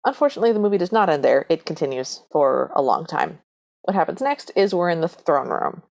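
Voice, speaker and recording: A woman's voice: low-pitched, lively intonation, brisk, creaky, a little mellow. A woman co-hosting a podcast, recapping a movie's plot from her notes with dry, wry asides. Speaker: podcast co-host. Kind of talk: casual chat retelling a movie plot.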